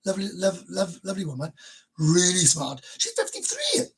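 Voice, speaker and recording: Blunt, chatty man with a husky voice. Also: high-pitched, wildly swooping pitch, normal speed, poor audio. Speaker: livestream host. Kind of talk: casual livestream chat.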